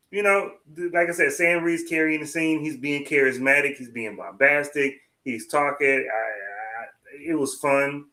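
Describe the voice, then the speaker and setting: A man co-hosting a review show in casual chat, with a bright, forward tone at a middling pitch. He talks quickly and loosely, restarting sentences and quoting his own thoughts. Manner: quick, rambling, with many restarts and quoted thoughts. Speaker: TV review podcast co-host.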